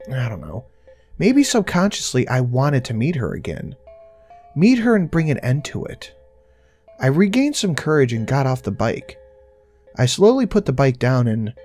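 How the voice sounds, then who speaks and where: A man's voice: mid-range voice, a little mellow. A man narrating a first-person horror story in a tense, intense way, swearing now and then.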